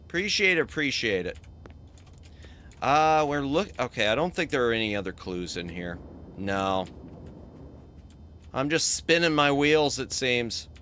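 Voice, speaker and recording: Lively, bright-voiced male streamer. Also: mid-range voice, measured pace, long pauses, a little hiss or hum. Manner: chatty, thinks aloud, thanks chat often. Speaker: VTuber streamer. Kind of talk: casual game stream commentary.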